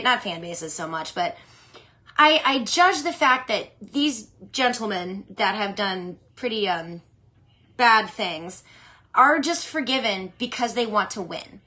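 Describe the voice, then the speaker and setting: A young adult woman hosting a fantasy football show, chatting casually and with strong opinions as she answers listener questions. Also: mid-range voice. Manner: chatty, opinionated, animated, with quick asides. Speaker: fantasy football podcast host.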